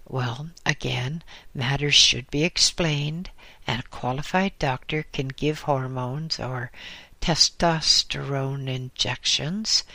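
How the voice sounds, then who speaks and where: A man reading a book aloud in a measured, deliberate way. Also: mid-range voice, sharp tone, no echo. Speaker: narrator. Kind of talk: audiobook reading.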